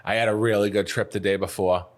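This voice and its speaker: Deep-voiced man, easygoing fishing talk. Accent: Northeastern US. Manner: relaxed, halting retelling with restarts. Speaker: fishing captain guest. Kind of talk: casual podcast chat.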